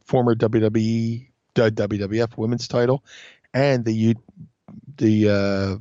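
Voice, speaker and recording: A man's voice: on the low side, unhurried, no room sound. A man guest in casual chat, telling stories with lots of swearing and acting out other people's voices. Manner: animated, swears a lot, acts out voices in stories. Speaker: podcast guest. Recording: dull lo-fi sound.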